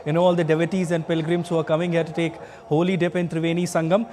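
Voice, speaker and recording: Indian news anchor guy, quick talker, slightly high voice. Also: level tone, a little mellow, a little hiss or hum. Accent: Indian English. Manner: quick, with fillers when questioning.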